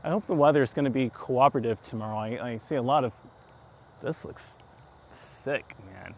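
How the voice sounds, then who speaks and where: A man with a slight New York accent chats in a loose, rambling way, with chuckling asides, on a casual walk-and-talk livestream. He speaks at a middling pitch into a handheld phone as he walks outdoors through town streets at night. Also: fast, gravelly. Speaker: livestream host.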